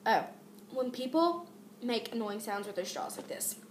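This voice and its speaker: A woman's voice: a little high, lively intonation, normal speed, reverberant, background noise. A teenage girl vlogging a casual rant about pet peeves, exasperated and rambling with many fillers and restarts.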